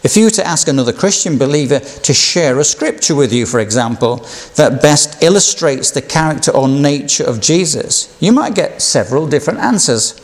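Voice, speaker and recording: A man preaching a sermon, teaching slowly and reflectively while reading out scripture passages. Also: on the high side. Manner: slow, measured, reflective Bible teaching with read-out scripture.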